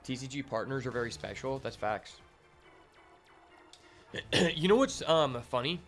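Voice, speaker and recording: Over soft background music, a young man casually talks his way through a card game stream, full of fillers and curse words. He has a mid-range, slightly bright voice, animated yet unhurried.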